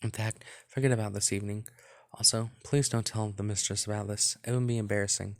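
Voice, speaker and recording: A man voicing a shy young female oni housemate in a soft, hesitant way, close to his own low voice. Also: steady tone, brisk, natural voice. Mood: flustered.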